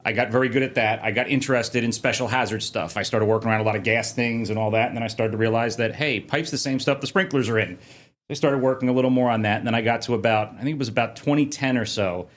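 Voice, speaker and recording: A man who works as a fire protection engineer, chatting casually as a podcast guest and telling lively stories. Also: medium pitch. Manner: fast, animated storyteller, mocks officials in a sing-song voice. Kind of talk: casual interview chat.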